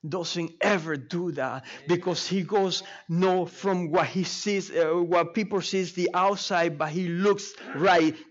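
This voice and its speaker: A man preaching a sermon to his congregation, halting with frequent fillers and restarts, speaking to them directly. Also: sits high, fairly even intonation. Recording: muffled lo-fi sermon recording.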